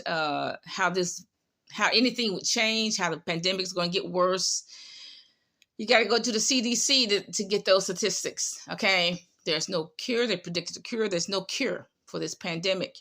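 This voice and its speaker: A woman talks through her commentary in a bright, forceful voice. She is sarcastic and scolding, hammering her points home by saying them twice. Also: medium pitch, moderate pace. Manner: sarcastic, scolding, repeats herself. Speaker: commentator on online prophets. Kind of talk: casual commentary.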